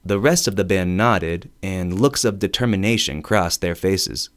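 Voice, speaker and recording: A man narrating a first-person audiobook story in an expressive, wry storytelling manner. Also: low voice, measured pace.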